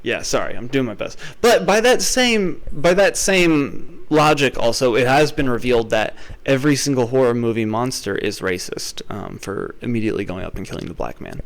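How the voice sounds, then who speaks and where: A young man hosting a podcast, ranting profanely in a comedic way, with loud swearing outbursts that drop into muttered asides. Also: mid-range voice, low-quality recording. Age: young adult. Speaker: podcast host.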